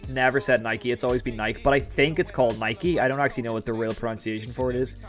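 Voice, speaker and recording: A young Irish man talks loosely through a live stream, rambling and reacting to chat messages as they come in. His voice sits at an ordinary middle pitch, and faint music plays underneath. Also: fairly even intonation, fast talker. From Ireland. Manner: rambling, chatty, answers chat. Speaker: livestream host.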